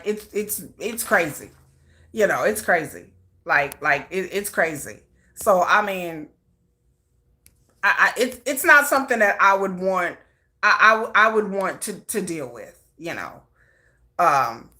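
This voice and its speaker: A woman with a Texan twang hosting a casual livestream, chatty and animated, often restarting her sentences. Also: lowish voice. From Texas. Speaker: K-pop news livestream host.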